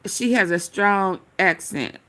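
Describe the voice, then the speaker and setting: A woman's voice: medium pitch, slow, sharp tone. A woman hosting casual commentary, rambling straight to her viewers and swearing as she hunts for clips to react to. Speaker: commentary channel host.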